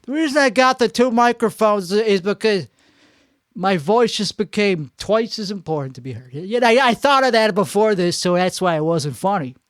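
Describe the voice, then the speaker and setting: Speaking at a normal speed, the podcast host has a high, fairly bright voice with lively intonation. He cuts himself off mid-thought as his comic monologue rambles in and out of a put-on frantic Chicago-style accent, with two close microphones giving clean studio sound and no room sound.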